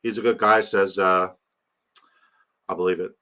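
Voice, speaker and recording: Bright-voiced man hosting a livestream. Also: sits low, flat delivery, moderate pace. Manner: rambling, reads chat aloud, hypes a giveaway. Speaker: livestream host. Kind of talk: casual livestream chat.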